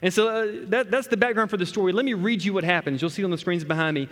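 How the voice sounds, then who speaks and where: A man's voice: high voice, fast. A man preaching a sermon, telling a story and talking straight to the congregation. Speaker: pastor. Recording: echoey hall.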